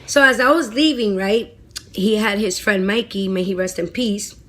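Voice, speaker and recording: A woman vlogger telling a personal story in a casual, animated and dramatic way, blunt and free with swearing. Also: medium pitch, moderate pace. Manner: animated, dramatic retelling with lots of "like".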